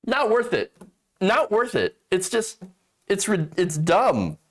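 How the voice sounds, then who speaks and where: A man's voice: high-pitched, wildly swooping pitch, slow pace. A man hosting a political commentary show, sarcastic and exasperated, mocking what he reads and swearing freely.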